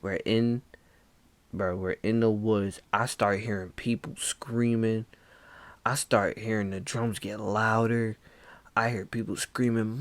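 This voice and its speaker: A young man casually telling a spooky dream story, acting out lines with sudden whispers and shouts and calling the listener "bro". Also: on the low side, fairly even intonation, no echo. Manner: slow, dramatic, acts out quoted lines with whispers and shouts.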